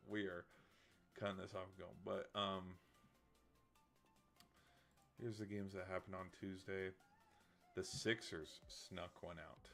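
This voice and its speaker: A man's voice: sits low, level tone, slow pace, vocal fry, pauses often, sharp tone, soft background music. A tired man chatting casually on a late-night livestream, rambling and getting heated, with lots of filler words and restarts. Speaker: streamer.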